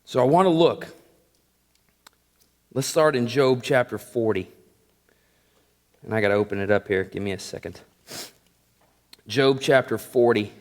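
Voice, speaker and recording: A man's voice: mid-range voice, a little slow, pauses often. A man teaching a Bible lesson in a conversational, joking way. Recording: echoey hall.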